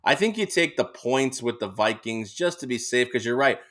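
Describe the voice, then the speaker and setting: A man's voice: medium pitch, lively intonation, moderate pace, fairly bright tone. Rambling male sports co-host, mid voice. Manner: rambling, filler-heavy, laughs easily. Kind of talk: casual sports betting chat.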